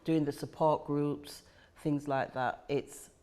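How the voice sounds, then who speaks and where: A woman's voice: sits low, steady tone, takes it slowly, warm tone. A woman, the chair of a charity, talking reflectively in a podcast conversation and repeating key phrases for emphasis.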